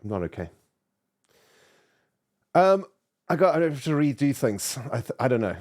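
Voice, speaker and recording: A man's voice: medium pitch, very animated, normal speed, pauses often. A man hosting a casual gaming stream, venting in exasperation about his computer and chatting with a fellow player. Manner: exasperated, venting, swings loud and quiet. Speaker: streamer, channel host.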